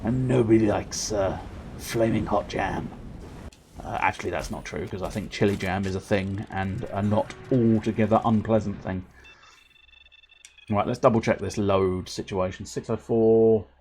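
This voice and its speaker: A man's voice: fairly low pitch, fairly even intonation, moderate pace, a little mellow, slight background noise. A man streaming video games, chatting casually in a playful, rambling way and joking to himself. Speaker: game streamer. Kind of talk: casual gameplay commentary.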